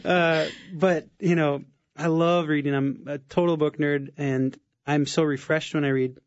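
A man's voice: on the high side, level tone, normal speed, a little mellow, no room sound, lo-fi sound. Hesitant male radio guest. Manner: hesitant, many fillers and restarts. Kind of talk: casual radio talk.

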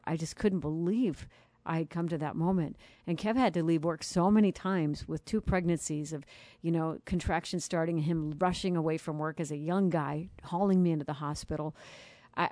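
Middle-aged woman, podcast co-host, low mellow voice, earnest and reflective, dry close sound. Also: dry recording. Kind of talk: personal storytelling.

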